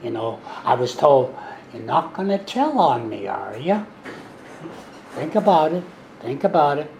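A man in his seventies tells his story to a meeting in a folksy, repetitive way with a dry, sarcastic edge. His voice sits slightly high for a man. The room is echoey, with a faint hum behind him. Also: big pitch swings, measured pace, vocal fry, darkish tone. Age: 70s. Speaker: speaker sharing recovery story. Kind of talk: recovery meeting talk.

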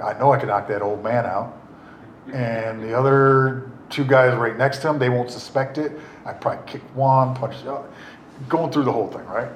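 A man's voice: mid-range voice, normal speed. A middle-aged man telling his recovery story in a rambling, wry way, full of fillers and restarts. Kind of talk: casual spoken storytelling. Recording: roomy echo, faint noise.

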